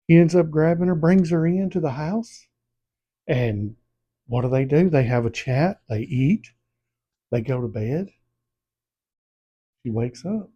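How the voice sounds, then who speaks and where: Male book vlogger, husky, mellow dark tone, animated storyteller, slightly dull lo-fi audio. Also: mid-range voice, normal speed, long pauses. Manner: animated storytelling, acts out scenes. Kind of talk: casual book review chat.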